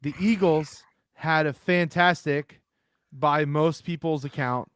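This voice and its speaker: A man's voice: on the high side, takes it slowly, a bit bright, clear, resonant tone, no echo. A man co-hosting a sports podcast, chatting casually, laughing and swearing freely. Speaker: podcast co-host.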